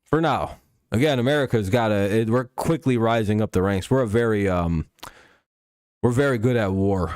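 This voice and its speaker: A man's voice: on the low side, moderate pace, darkish tone, dry recording, studio quality. A man hosting a casual live stream, rambling and swearing freely, with chuckles and frequent restarts. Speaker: stream host.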